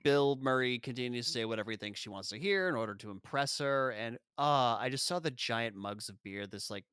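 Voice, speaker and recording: A man's voice: medium pitch, a little fast, a bit bright, clean tone, no room sound, clean studio sound. A man co-hosting a podcast, casually recapping a film scene by scene, profane and chuckling. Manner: retells scenes, quoting characters in mock voices, profane and laughing. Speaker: podcast co-host. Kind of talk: casual movie recap chat.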